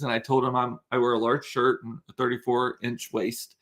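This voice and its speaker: A man's voice: medium pitch, level tone, normal speed, fairly bright tone. Chatty rambling man vlogging. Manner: chatty, rambling, with many fillers and self-corrections. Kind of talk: casual storytelling vlog.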